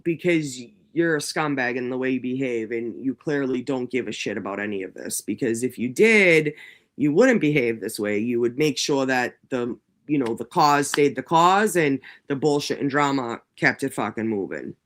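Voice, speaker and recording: A man's voice: medium pitch, expressive, normal speed, fairly bright tone. Profane rambling livestream host man. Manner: rambling and heavily profane, many fillers. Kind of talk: casual livestream monologue.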